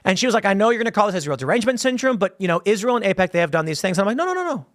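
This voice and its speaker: In a dry, clean studio recording, a high-voiced, somewhat bright male host races through viewer questions on his casual commentary show, animated and rambling, with many restarts and acted-out quotes.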